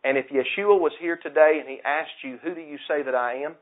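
A man's voice: on the high side, brisk. Impassioned preacher man on a tinny line. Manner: impassioned, repetitive, swings from loud to hushed. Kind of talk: sermon. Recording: tinny phone-like sound.

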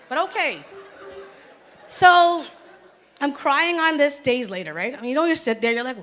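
A woman's voice: high-pitched, animated, moderate pace, pauses often, fairly bright tone. A young woman giving a personal testimony in church, talking casually and acting out dialogue with emphatic turns. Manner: conversational, acts out dialogue, emphatic.

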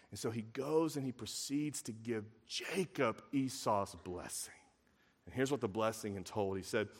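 A man's voice: mid-range voice, animated, normal speed. Man preaching in a reverberant hall. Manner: storytelling, acting out quotes, rising to emphatic peaks. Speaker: pastor. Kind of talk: sermon.

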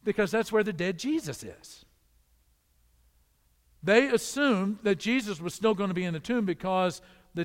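A man preaching a sermon, moving between loud emphatic repeated calls and quiet, low storytelling. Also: lively intonation, measured pace, long reverb tail.

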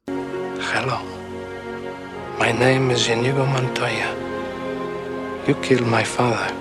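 A vengeful swordsman, played by an actor, delivers slow, measured, formal lines in a mid-pitched voice. It is a film clip with a loud orchestral score under the dialogue. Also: little pitch movement, loud music behind the voice, close to an everyday voice. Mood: solemn vengeful. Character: vengeful male swordsman seeking revenge.

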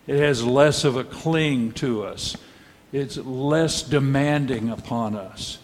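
A man preaching a sermon as pastor, measured and rhetorical, with dry, wry asides and pointed questions to the congregation. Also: mid-range voice, a little hiss or hum. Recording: long hall reverb.

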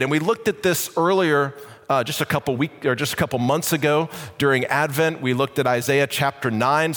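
A man's voice: a little high, a bit bright, long reverb tail. A man preaching a sermon in a conversational way, with many fillers and restarts. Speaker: pastor.

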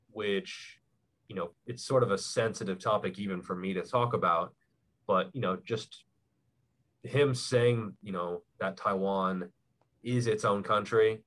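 A young man with a fairly low voice talks casually as a podcast guest. He explains at length in a loose, rambling way and fills the gaps with "like" and "um.". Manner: relaxed, rambling explanations with many fillers. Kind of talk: casual chat.

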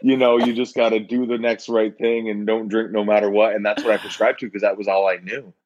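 Male co-host, very low voice, rambling and hesitant, slightly muffled lo-fi recording. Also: little pitch movement, brisk, darkish tone. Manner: rambling, hesitant, many restarts. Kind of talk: casual recovery talk. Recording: dull lo-fi sound.

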